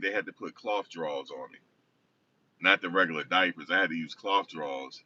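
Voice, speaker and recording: Man, low voice, forceful bright tone, rambling storytelling, distant muffled recording. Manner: rambling, self-correcting, conversational. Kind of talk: casual personal storytelling.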